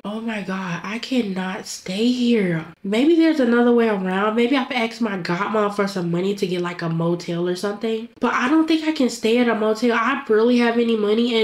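A woman's voice: on the high side, a little mellow, roomy sound. A young woman voicing a game role-play monologue, talking to herself in a dramatic, panicky way. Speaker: Roblox roleplay voice actor.

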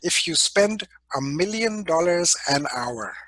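In this low-quality recording with no room sound, an Indian business school professor speaks in a slightly high, unhurried voice. He teaches his class animatedly and emphatically, voicing the people he quotes and clearing his throat from allergies.

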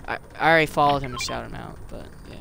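Gravelly-voiced man streaming a game. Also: medium pitch, rapid-fire, bright, forceful tone. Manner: joking, teasing banter with teammates. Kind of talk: casual live-stream gaming chat. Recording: noisy stream audio.

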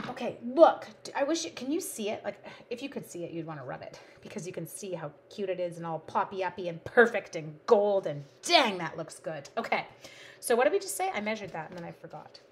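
A woman's voice: medium pitch, very animated, fairly quick, a little hiss or hum. A woman from Canada hosting a live card-making stream, chatting playfully with viewers and talking to her supplies. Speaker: live-stream crafting host.

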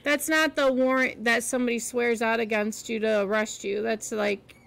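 High-voiced woman explaining words patiently. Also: fairly even intonation, normal speed, vocal fry, fairly bright tone, a little hiss or hum. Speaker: reader teaching children. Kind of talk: reading aloud and explaining words.

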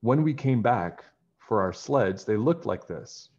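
A man's voice: lowish voice, expressive, a little slow, darkish tone, husky, full character voice. An upset young girl explains what happened and points blame. A man reads her in a raised voice. The sound is dull and lo-fi. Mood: accusing. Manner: accusing, explaining.

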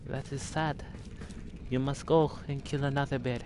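A man's voice: medium pitch, flat delivery, normal speed, dark tone, faint music behind, close to an everyday voice. A man voicing a bossy old Russian grandmother in a put-on Russian accent. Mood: demanding. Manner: demanding, blunt.

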